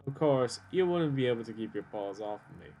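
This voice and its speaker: A man's voice: medium pitch, animated, a little fast, warm tone, slight background noise, pitched below the performer's own voice, lightly acted, low-quality recording. A man with a stuffy nose voicing a smug, flirtatious male cat in a game, with a teasing, self-assured drawl.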